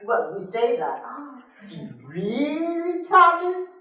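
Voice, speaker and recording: A woman's voice: high voice, sing-song, slow, bright, forceful tone, heavily acted. An older woman playing a doting, guilt-tripping mother who nags her grown son on the phone, in a melodramatic, sighing manner. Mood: nagging. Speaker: amateur skit performer. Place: senior center hall. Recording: echoey hall from far off.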